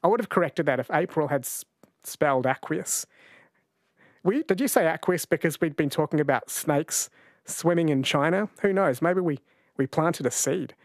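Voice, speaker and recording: A man's voice: fairly high pitch, lively intonation, normal speed, no room sound, clean studio sound. New man hosting late-night radio. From New Zealand. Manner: chatty, reflective, storytelling. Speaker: radio talkback host. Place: radio studio. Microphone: studio microphone.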